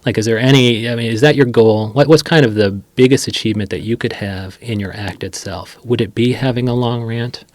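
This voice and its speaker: A man's voice: mid-range voice, brisk, hardly any pauses, darkish tone, dry recording. A man hosting a casual interview, asking long, rambling questions. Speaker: podcast host. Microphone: studio mic.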